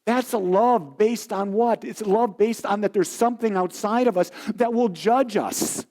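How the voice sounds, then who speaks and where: Animated preaching man with a mellow voice. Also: sits high, normal speed. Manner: animated storyteller acting out quoted voices. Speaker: minister. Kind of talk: sermon with storytelling.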